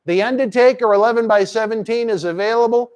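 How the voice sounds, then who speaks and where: Brash high-voiced male host. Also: fast talker, darkish tone. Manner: brash promotional patter and crude teasing. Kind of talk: live stream chat show.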